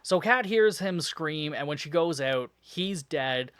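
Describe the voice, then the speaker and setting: A man hosting a podcast, his voice sitting a bit above the usual male range and caught dry and close on the mic. He recaps a cheesy film with sarcasm, wandering tangents and a steady stream of swearing, laughing at how silly it all is. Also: on the high side, slow pace, clean tone, dry recording. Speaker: podcast host reviewing a film. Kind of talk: casual profane plot recap.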